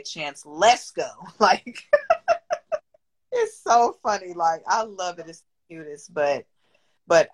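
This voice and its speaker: A woman's voice: low voice, rough recording. Candid, swearing woman in her thirties. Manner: candid, rambling, swears freely, emotional. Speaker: guest, business owner and single mother. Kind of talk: candid podcast conversation.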